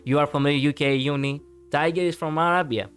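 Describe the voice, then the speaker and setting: A man's voice: on the high side, fairly even intonation, brisk, fairly bright tone, clean tone, soft background music. A man from Greece with a Greek accent, chatting casually with viewers on a live stream, rambling with many fillers and restarts and laughing easily.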